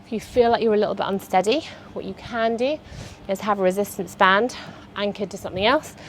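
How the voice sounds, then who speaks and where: A woman's voice: mid-range voice, fairly quick, slight background noise. Chatty woman leading a workout. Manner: chatty and encouraging, cueing movements. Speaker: fitness instructor. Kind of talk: guided workout instruction.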